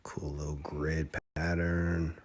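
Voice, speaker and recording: Laid-back, slow-talking man vlogging sneakers. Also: rumbling low, level tone. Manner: loose and profane, muttering asides. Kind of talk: casual unboxing vlog.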